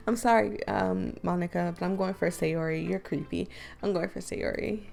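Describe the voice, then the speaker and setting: Giggly young woman with a gravelly voice. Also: fairly low pitch, steady tone, moderate pace, a little mellow, soft background music. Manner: giggly, self-deprecating. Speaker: gaming YouTuber. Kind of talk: casual gameplay commentary.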